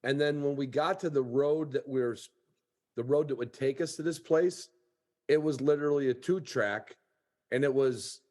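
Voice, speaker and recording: A man hosting a hunting podcast over a video call, chatting casually at a middle pitch. He tells stories in a rambling, folksy way, stopping and restarting as he goes. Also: normal speed, darkish tone. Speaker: podcast host. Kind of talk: casual storytelling chat.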